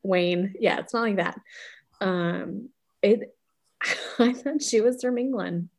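A woman's voice: mid-range voice, slow pace, vocal fry, a little mellow. A chatty woman co-hosting a podcast, easygoing and casual. She laughs often and acts out her own reactions as she talks. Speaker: podcast co-host. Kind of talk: casual chat.

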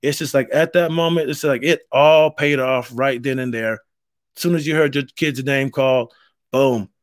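A man's voice: medium pitch, no room sound, studio quality. A man hosting a solo podcast, talking in a rambling, earnest and heartfelt way. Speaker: podcast host. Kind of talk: casual solo podcast monologue.

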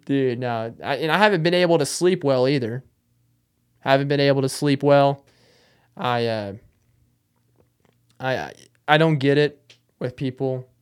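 In a medium-pitched, clean voice, a young podcast host rambles through a casual monologue by himself. He keeps turning the jokes on himself.

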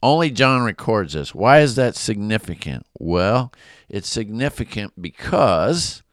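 A man's voice: on the low side, big pitch swings, measured pace, no echo, clean studio sound. A man leading a casual devotional Bible study, enthusiastic and conversational.

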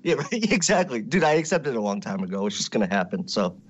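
A man's voice: medium pitch, big pitch swings, fast, husky. A man co-hosting a podcast in casual chat, laid-back, swearing freely and often cutting in. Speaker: podcast co-host. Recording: dull, muffled audio.

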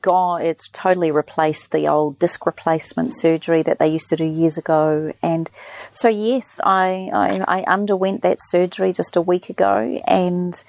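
A woman's voice: on the low side, steady tone, moderate pace, vocal fry, no room sound. A middle-aged woman, chatting casually and animatedly telling a personal story, acting out the voices of others. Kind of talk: casual chat.

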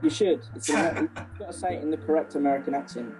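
A man co-hosting a casual podcast, animated and jokey. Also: a little high, quick pace, over music, low-quality recording. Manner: animated, jokey, acts out quoted voices. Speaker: podcast co-host.

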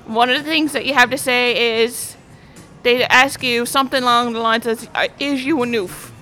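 Woman from Newfoundland, high voice, bright tone, joking and rambling, casual dinner chat, faint music behind. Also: steady tone, moderate pace. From Newfoundland, Canada. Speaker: dinner guest. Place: restaurant at a dinner table.

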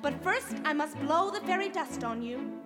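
A woman's voice: sits high, animated, moderate pace. A woman playing a cheerful flying boy in a stage musical, singing and talking between songs. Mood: playful. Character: cheerful boy who flies, sings. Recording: echoey cast album with music.

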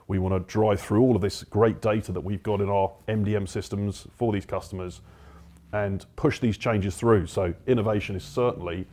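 A man's voice: on the low side, dark tone. A man with a South African accent, explaining things steadily as an expert guest on a panel. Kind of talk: panel discussion.

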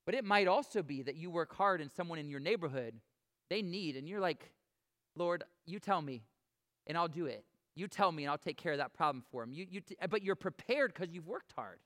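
A man's voice: fairly high pitch, expressive, a little fast, a bit bright. A man preaching a sermon to his congregation, earnest and conversational, asking the room direct questions. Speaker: pastor. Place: church sanctuary before a congregation.

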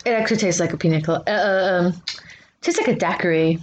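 A woman's voice: on the low side, fast. A woman in casual chat, tasting advent-calendar liqueurs and talking in a squeamish, chatty way full of "like" and restarts. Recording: slightly dull, faint hiss.

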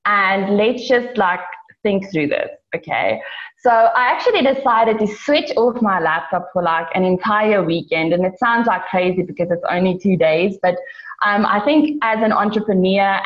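A woman from South Africa who runs an online business, telling a personal story in a chatty way with lots of fillers. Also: medium pitch. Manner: chatty, many fillers, animated in retelling. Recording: roomy, dull lo-fi sound.

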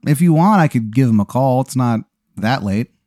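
A man voicing the Sugar King, an eerie clown-like man in a red suit who talks in a slow, overly friendly way. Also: medium pitch, lively intonation, warm tone, no room sound, studio quality, lightly acted. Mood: sly friendly.

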